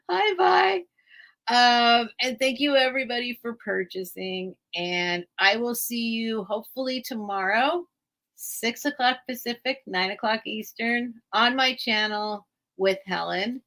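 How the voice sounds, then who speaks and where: A woman hosting a live sale stream, rambling and emotional as she thanks her viewers in halting phrases. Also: a little high, bright, forceful tone. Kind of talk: casual livestream sign-off.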